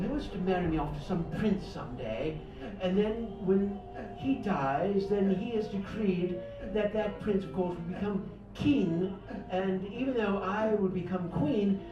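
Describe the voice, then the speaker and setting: A man's voice: sits high, voice pushed up. An aggrieved young princess, put on by a man telling a story at an open mic, rambles in hesitant starts and stops. Her voice comes from far off in an echoey cafe. It sounds dull, and music plays behind her. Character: young princess, indignant and plaintive.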